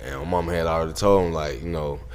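A man telling animated, profane stories as an interview guest and acting out the people he quotes. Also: a bass voice, quick pace. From Southern United States. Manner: profane, acts out quotes in voices. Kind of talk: animated storytelling.

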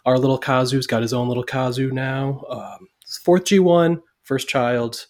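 A man's voice: mid-range voice, steady tone, unhurried. Joking man on a podcast. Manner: joking, playful. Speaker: podcast co-host. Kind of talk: casual chat.

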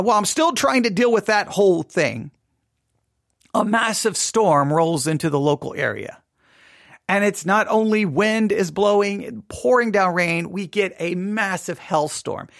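Earnest halting pastor, gravelly voice. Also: male voice, high-pitched, fairly bright tone, no echo, studio quality. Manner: earnest, halting, repeats words. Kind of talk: personal podcast monologue.

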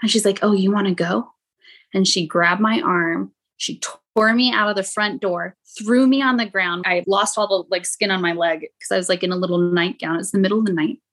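Woman telling a painful story, halting. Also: mid-range voice, steady tone, a bit bright. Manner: halting, frequent "like" fillers, quotes others in raised voice. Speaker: podcast guest. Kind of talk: emotional personal storytelling.

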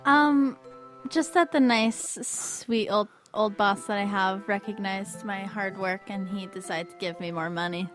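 A woman's voice: mid-range voice, steady tone, a little slow, soft background music. A young woman on a casual podcast, talking cheerfully about her week. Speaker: podcast co-host. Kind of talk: casual chat.

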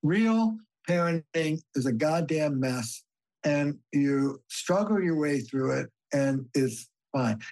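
An older man, a family therapist, talking as a guest in a podcast interview, telling stories in an animated, emphatic way and swearing casually. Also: a little high, slow pace, low-quality recording.

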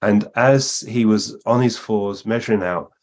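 A man's voice: lowish voice, measured pace. A man, a guest medium, telling long anecdotes in conversation and acting out the lines of the people he quotes. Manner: narrates at length, acting out the speakers he quotes.

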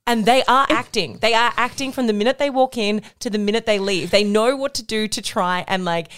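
A woman's voice: a little high, brisk, fairly bright tone. A young woman co-hosting a podcast, talking in an emphatic, opinionated way and swearing casually. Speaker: podcast co-host. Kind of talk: casual chat.

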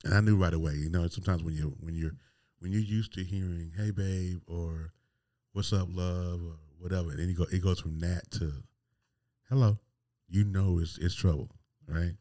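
A deep-voiced man tells a personal story on his podcast. He rambles candidly and restarts his sentences often. His tone is dark and mellow, and the recording is dry and close. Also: fairly even intonation, fast, dry recording. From North Carolina. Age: 40s. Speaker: podcast host.

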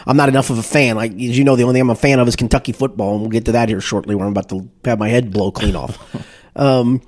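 A man talking sports on a podcast, animated and full of restarts, sometimes acting out loud booing. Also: medium pitch, fast talker. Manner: animated, repetitive restarts, acts out shouted booing. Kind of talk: casual sports talk.

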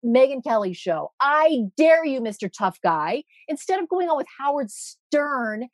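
A woman's voice: high voice, very animated, measured pace, dry recording. A woman guest on an interview show, speaking in an indignant, emphatic way. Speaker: guest, meteorologist. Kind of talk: impassioned interview talk.

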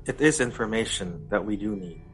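A man's voice: fairly low pitch, expressive, a little fast, soft background music. A man playing a tabletop game who speaks formally and courteously in character. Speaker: player.

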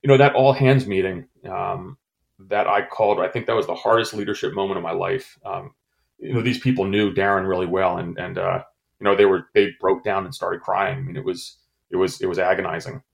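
Low-pitched man, halting, lots of fillers and restarts, interview guest. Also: steady tone, creaky. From United States. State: choked up. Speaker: guest, former intelligence officer. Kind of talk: recounting a personal story in an interview.

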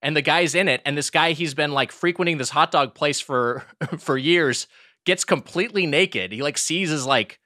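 A man co-hosting a podcast, chatting casually and telling excited, rambling stories. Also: a little high, normal speed, no echo, clean studio sound. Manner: excited, laughing, tangent-prone storytelling. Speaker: podcast co-host. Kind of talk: casual chat.

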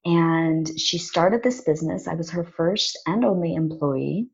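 A woman with a breathy, husky voice sits as a guest and tells a personal story with real drama. She acts out the lines of the people in her story. Her voice sits a little low and comes through on dull, lo-fi audio. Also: a little slow. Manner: animated, dramatic retelling with acted-out quotes. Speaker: podcast guest.

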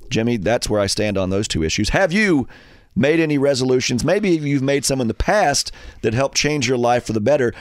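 A man's voice: mid-range voice, no echo. A man hosting a radio show in a studio, telling stories in a casual chat and acting out voices. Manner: animated storyteller, acts out voices. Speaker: radio host.

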